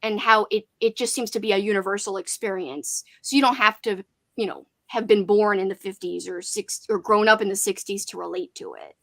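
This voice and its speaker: A young booktube host chats loosely on a casual livestream about books, speaking briskly in a mid-range, slightly bright voice with vocal fry and fairly even intonation. She uses plenty of fillers, especially "like," and reads viewer comments aloud.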